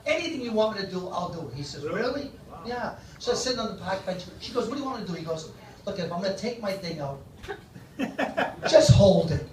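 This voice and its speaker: High-voiced club comic. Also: male voice, very animated, a little fast. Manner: brash, plays both sides of the jokes. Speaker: comedy club host and comic. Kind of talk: stand-up joke telling. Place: comedy club stage. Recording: echoey club from far off. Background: laughing crowd.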